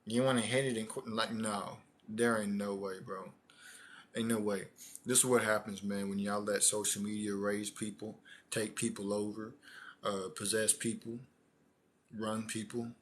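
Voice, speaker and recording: A man giving casual, animated commentary, talking in slang and repeating phrases for emphasis. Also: on the low side, a little slow. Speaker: commentary streamer.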